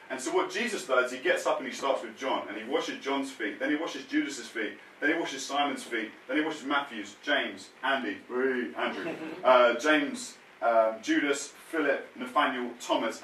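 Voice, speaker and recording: A man preaching a sermon, telling the story in a lively way with casual slang. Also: mid-range voice, normal speed, few pauses, far from the mic, slight background noise. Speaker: pastor. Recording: roomy sound, mic set back from speaker.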